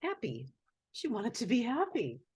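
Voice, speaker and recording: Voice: mid-range voice, wildly swooping pitch, measured pace, slightly rough. A host reading a children's picture book aloud and adding casual commentary and laughing asides.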